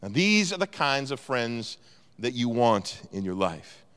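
A man's voice: medium pitch, a little slow, clean tone. A man preaching a sermon as pastor, telling stories and acting out what people said. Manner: animated storyteller, acts out quotes. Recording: long hall reverb.

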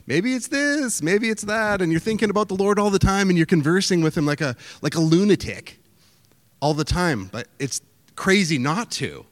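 Pastor guy chatting thru a sermon, mid-pitched, lots of echo. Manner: conversational, with fillers and restarts. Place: church hall. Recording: echoey church hall.

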